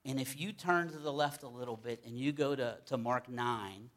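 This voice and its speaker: A man's voice: medium pitch, normal speed, fairly bright tone. A man with a mid-range voice teaches a Bible passage in an informal, talky way. He circles back, repeats key words for emphasis and restarts his sentences as he thinks aloud. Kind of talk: conversational sermon.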